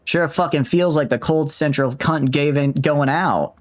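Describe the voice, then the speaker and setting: A man voicing a foul-mouthed, gruff male game character in an exaggerated mock Australian accent, swearing constantly. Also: on the high side, unhurried, lightly acted.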